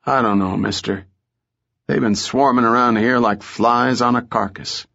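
A man's voice: mid-range voice, steady tone, a little slow, vocal fry, bright, forceful tone, heavily acted. A man voicing a glum, wary saloon barkeep who talks plainly, in a muffled audiobook recording.

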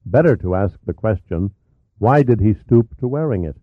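Low-voiced man narrating over tinny audio. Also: animated, normal speed, no echo. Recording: tinny narrow-band audio.

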